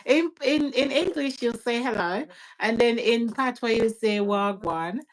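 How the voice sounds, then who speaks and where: Slow-talking woman in casual chat. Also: on the high side, noisy background. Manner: unhurried, warm laughing asides, slips into patois phrases. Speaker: guest parent.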